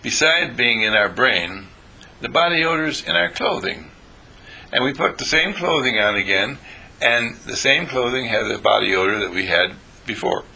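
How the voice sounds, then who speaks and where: Older guy rambling thru a spiritual pep talk, gravelly, husky, lively ups and downs. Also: medium pitch, moderate pace. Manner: folksy, playful, meandering. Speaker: teacher of a spiritual group.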